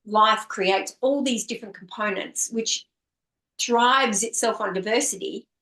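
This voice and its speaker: A woman's voice: fairly high pitch, a little slow, fairly bright tone, echoey room, poor audio. A woman author speaking as an interview guest, earnest and flowing, often stringing words into lists. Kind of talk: reflective conversational interview.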